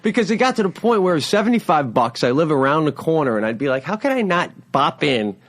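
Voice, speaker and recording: A man chatting casually on a comedy podcast, telling relaxed anecdotes about club gigs. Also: on the high side, quick pace. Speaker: comedian guest. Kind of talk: casual chat.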